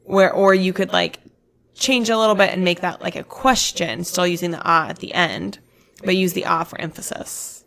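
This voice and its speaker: A woman co-hosting a podcast in casual chat, with vocal fry, explaining things like a teacher. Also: lowish voice, normal speed, a bit bright. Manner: chatty, explains language points like a teacher. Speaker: podcast co-host.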